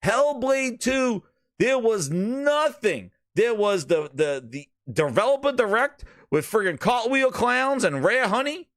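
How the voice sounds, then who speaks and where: Solo male gaming host, loud mocking rants, higher voice, dry close mic. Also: no room sound. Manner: profane, mocking, animated. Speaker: podcast host. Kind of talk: casual gaming rant.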